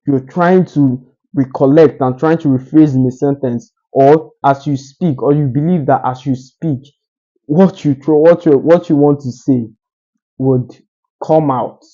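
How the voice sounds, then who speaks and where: A man talking straight to the camera with deliberate pauses, teaching how to speak more articulately. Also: fairly high pitch, mellow, lo-fi sound. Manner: deliberate, uses pauses for emphasis. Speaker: communication coach. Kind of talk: solo talking-head advice.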